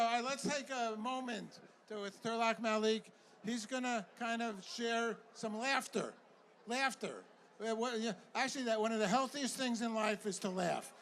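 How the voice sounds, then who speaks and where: A man hosting a live outdoor event, stressing key points slowly and emphatically. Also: very high voice, a bit bright, slight background noise. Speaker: event host. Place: outdoor event in a city square.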